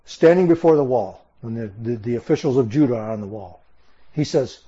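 A man's voice: mid-range voice, expressive, a little fast, warm tone, dull audio. A man preaching an expository sermon, explaining a passage emphatically and sometimes restarting his phrases. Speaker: Bible teacher.

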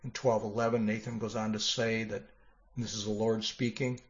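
A man preaching a sermon, reading scripture passages aloud with expressive emphasis and closing in a quiet prayer. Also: lowish voice, normal speed, lo-fi sound. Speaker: pastor.

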